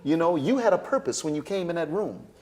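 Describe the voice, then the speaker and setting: A middle-aged man with a Southern US accent, a stage director telling lively stories in a panel conversation and acting out the voices of the people in them. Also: a little high, fast talker. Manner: animated storyteller, acts out voices, Southern-flavored speech.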